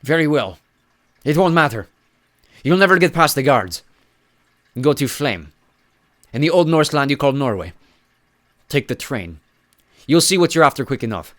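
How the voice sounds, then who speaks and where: A man voicing a croaking, mocking stone giant. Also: fairly high pitch, big pitch swings, normal speed, pauses often, a bit bright, voice pushed up. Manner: taunting, croaking, boastful.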